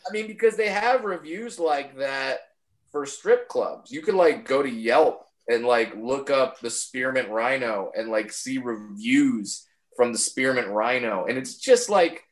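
Rambling, animated male comedian. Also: medium pitch, unhurried. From United States. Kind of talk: casual podcast chat.

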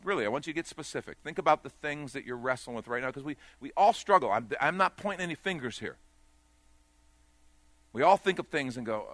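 A man preaching a sermon in a church service, rising to loud emphatic peaks and falling to quiet, pressing the congregation with direct questions. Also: medium pitch, animated, a little fast, no room sound. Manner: swells loud then drops to a hush, direct questions to the congregation. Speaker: pastor.

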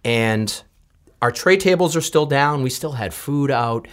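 A man's voice: medium pitch, expressive, unhurried, a bit bright. A man telling a funny story as a podcast guest, laughing at himself. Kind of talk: casual podcast chat, storytelling.

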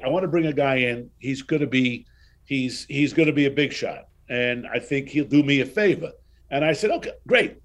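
A man in his sixties tells stories as an interview guest. He has a middle-pitched voice and acts out what people said in a lively, chatty way. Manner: animated anecdotes, acts out dialogue. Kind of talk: casual storytelling interview.

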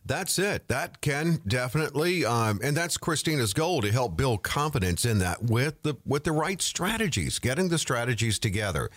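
A man hosting a radio talk show in a lively, promotional way, bringing in a guest and reading out contact details. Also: mid-range voice, moderate pace, hardly any pauses, no echo, studio quality. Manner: lively, promotional, reads phone numbers.

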